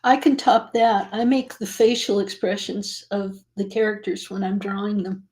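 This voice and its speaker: A woman's voice: medium pitch, steady tone, moderate pace, a little mellow, poor audio. An older woman, a comic artist, chatting playfully on a livestream and correcting how character names should be pronounced. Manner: playful, fussy about how names are said. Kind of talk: casual livestream chat.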